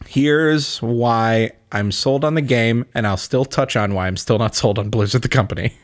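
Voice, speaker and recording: A man in casual gaming chat, excitable and gushing, laughing often and swearing. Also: medium pitch, normal speed.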